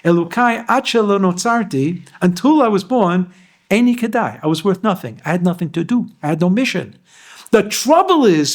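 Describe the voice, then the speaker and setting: A man's voice: sits high, animated, normal speed. A rabbi giving a Torah lecture to a class. He explains Hebrew verses line by line and asks his listeners questions.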